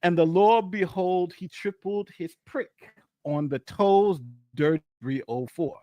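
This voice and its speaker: A man's voice: sits high, unhurried, no echo, muffled recording. A man co-hosting a casual live stream, boastful and rambling, often repeating himself. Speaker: co-host.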